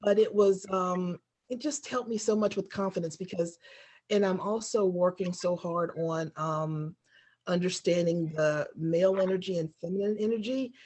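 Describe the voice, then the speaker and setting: A woman's voice: fairly low pitch, normal speed, a little mellow. Woman, workshop participant, hesitant, casual sharing, video call. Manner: hesitant, many ums.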